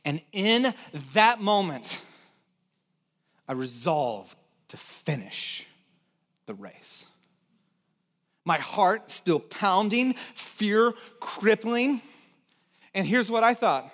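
A middle-aged man preaching a sermon, telling a personal story with lively acted-out exclamations and dropping low for solemn points. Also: very slow, long pauses. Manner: animated storytelling, acts out his own panic with sudden loud exclamations. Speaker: pastor.

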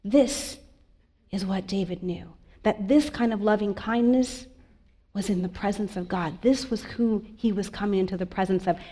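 A woman pastor giving a sermon in a church, earnest and confiding, moving between soft asides and emphatic lines. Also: mid-range voice, moderate pace.

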